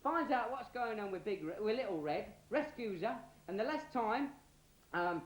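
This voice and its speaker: A man's voice: high-pitched, animated, moderate pace. A man with a Cockney accent telling a bawdy comic story in a rambling, cheeky, slangy way. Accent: London Cockney. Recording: roomy echo, faint hiss.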